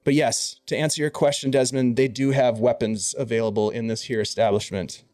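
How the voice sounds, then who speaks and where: A man's voice: medium pitch, fairly even intonation, fairly quick, a little mellow, no room sound, studio quality. A man narrating a tabletop game as game master, rambling through restarts. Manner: rambling, many restarts and fillers.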